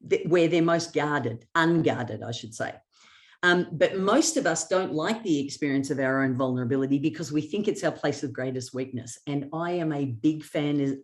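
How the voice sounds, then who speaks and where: A woman's voice: low voice, a little mellow. A middle-aged woman presenting a workshop, telling stories with acted-out quotes and laughing often. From Australia. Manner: storytelling with acted quotes and sarcasm. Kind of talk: motivational workshop talk.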